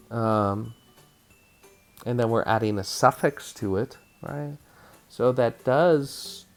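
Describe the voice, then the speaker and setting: A man's voice: lowish voice, vocal fry. A man teaching a spelling lesson to third graders, encouraging and sounding out words syllable by syllable.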